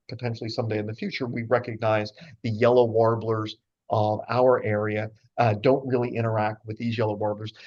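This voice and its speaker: Through a muffled recording comes a man's medium-pitched, slightly mellow voice as he presents a relaxed slide talk about birds to birders. He's chatty, using lots of fillers and tossing in playful asides.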